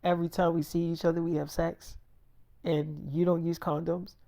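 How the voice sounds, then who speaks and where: A bold young girlfriend who talks straight and won't back down, as a storyteller quotes her. Her tone is dark and mellow, heard dry and close without any room sound. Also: on the low side, level tone, moderate pace, no room sound, close to an everyday voice. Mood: insistent.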